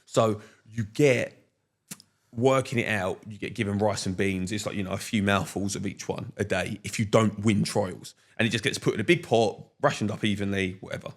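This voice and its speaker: A young man, a podcast guest telling stories in casual chat, slangy and animated, laughing often. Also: lowish voice, moderate pace.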